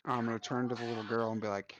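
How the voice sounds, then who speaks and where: A man playing a tabletop game, answering in short, low-key replies. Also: level tone, very fast, noisy background. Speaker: player.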